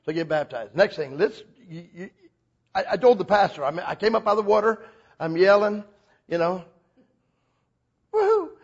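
A man preaching a sermon as a pastor, telling stories with lively acted-out quotes. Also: a little fast, husky, muffled recording. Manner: animated storytelling, acts out quotes with big pitch jumps.

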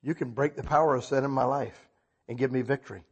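A man delivers a sermon in a husky, slightly breathy voice. He talks to the congregation like old friends, asking if they follow. His delivery swings from hushed confession to loud, emphatic bursts. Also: medium pitch, steady tone, fast. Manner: conversational, checks in with listeners. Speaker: preacher.

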